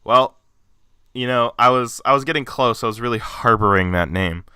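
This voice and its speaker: A man's voice: mid-range voice, moderate pace, pushed and bright, clear, resonant tone, no room sound, studio quality. A man in his twenties co-hosting a podcast in casual chat, joking and rambling with frequent laughs. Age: 20s. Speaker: podcast co-host.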